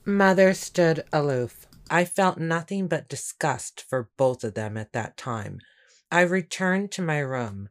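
A woman reading a first-person story aloud in a steady, measured way. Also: low voice. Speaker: audiobook narrator. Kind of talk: first-person scripted narration.

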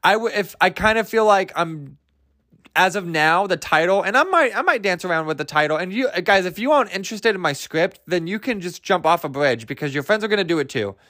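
A man's voice: high voice, lively intonation, brisk, pushed and bright, dry recording, clean studio sound. A young man hosting a solo podcast, rambling in a goofy, self-amused way and laughing at his own jokes. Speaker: podcast host.

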